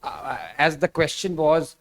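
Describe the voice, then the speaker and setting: A man's voice: on the high side, unhurried. A man, moderating a panel conversation and politely apologizing as he cuts in with questions. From India.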